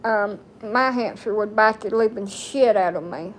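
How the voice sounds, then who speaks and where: Slow-talking blunt woman, casual rambling chat. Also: mid-range voice, a little hiss or hum. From United States. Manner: blunt, rambling, folksy slang. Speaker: TikTok streamer.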